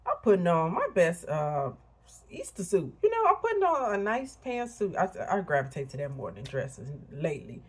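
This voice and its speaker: Her low, slightly rough voice swings hugely in pitch at a moderate pace as this woman in her fifties, from Illinois, vlogs a frank motivational talk peppered with chatty remarks to viewers.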